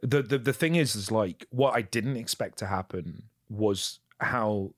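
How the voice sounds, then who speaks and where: A man's voice: on the low side, a little slow, no room sound, clean studio sound. A man, an actor, candidly recounting his work in casual chat, swearing freely and mocking himself. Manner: candid, profane, self-mocking storytelling. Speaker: actor guest.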